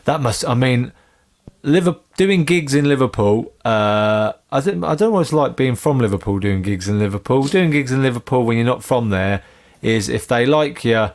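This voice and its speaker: A man's voice: medium pitch, expressive, normal speed. A man hosting a casual podcast, joking along and riffing on his guest's stories. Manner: jokey, riffs with playful mock heckles. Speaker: podcast host.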